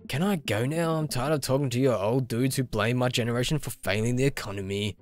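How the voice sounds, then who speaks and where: A man's voice: mid-range voice, a little fast, soft background music, natural voice. A man with an Australian accent voicing a sulky, rebellious teenage boy in a game, who grumbles sarcastically.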